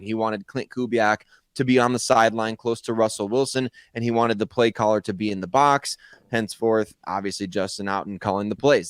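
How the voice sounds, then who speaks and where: A man's voice: fairly low pitch, clean tone, no room sound, studio quality. A man co-hosting a sports podcast, giving his opinions in a conversational way. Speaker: podcast co-host.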